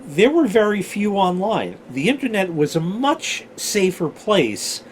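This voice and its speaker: Guy in his 40s rambling thru an old story, kinda high voice, takes his time, swears a lot. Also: big pitch swings, unhurried, slight background noise. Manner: chatty, swears freely, digresses. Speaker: storyteller host.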